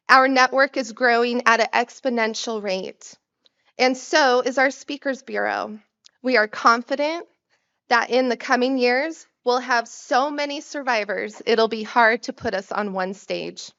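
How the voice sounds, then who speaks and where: A woman's voice: a little high, gravelly, a bit bright, muffled recording. A woman hosting an event, reading a scripted introduction in a formal, announcing way. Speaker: event host.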